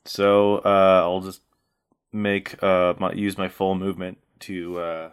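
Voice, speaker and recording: Man, very deep voice, tabletop player, jokey and halting. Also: flat delivery, smooth. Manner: joking, halting, thinks aloud. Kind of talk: casual chat.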